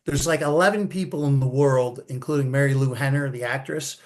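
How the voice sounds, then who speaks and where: A man's voice: medium pitch, fairly quick. A man in his sixties, a podcast guest, telling stories in an easygoing way and laughing often. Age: 60s. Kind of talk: casual podcast chat.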